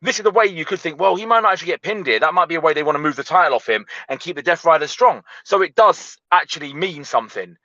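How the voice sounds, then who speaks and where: A man co-hosting a casual wrestling podcast, quick and emphatic, stammering at the starts of sentences and swearing. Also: on the high side, lively intonation, bright, forceful tone, dry recording, dull audio. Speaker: podcast co-host.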